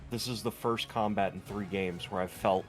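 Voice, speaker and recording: A man's voice: on the low side, steady tone, normal speed, music in the background. A man playing in a tabletop game, checking the rules with questions. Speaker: player.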